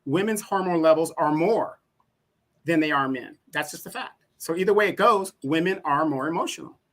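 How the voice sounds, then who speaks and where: A man's voice: on the high side, lively intonation, moderate pace, a bit bright. A man with a slightly raised voice, taking part in a casual live debate. He presses his point insistently, doubling back on words as he goes. He sounds like a guest holding his ground in a chat with the host. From Southern California. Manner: insistent, repeats words when arguing.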